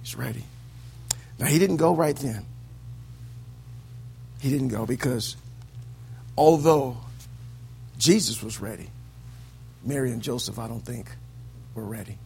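A man preaching a sermon in a church, swinging from hushed lines to loud, sing-song peaks. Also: mid-range voice, a little slow, gravelly, long pauses, husky.

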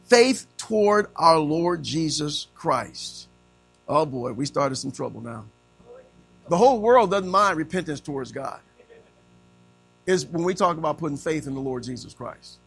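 A man's voice: fairly high pitch, animated, unhurried, creaky, soft background music. A man preaching a sermon, quizzing his congregation in call-and-response style.

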